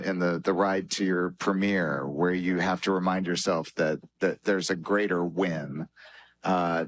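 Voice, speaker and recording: A man, a film director, speaking thoughtfully on a panel, pausing and restarting as he works through ideas. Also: deep voice. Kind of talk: panel discussion.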